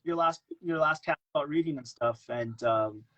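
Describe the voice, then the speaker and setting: A man guesting on a casual podcast, his voice a little high. He tells stories with animation, acting out quotes and repeating himself as he goes. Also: normal speed, sharp tone, dull audio. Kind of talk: casual chat.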